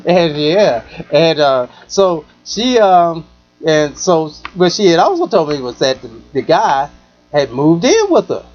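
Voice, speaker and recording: A man's voice: fairly high pitch, big pitch swings, unhurried, a little mellow, lo-fi sound. A man hosting a talk show, telling a rambling story in a casual way, full of "you know", and acting out the people in it.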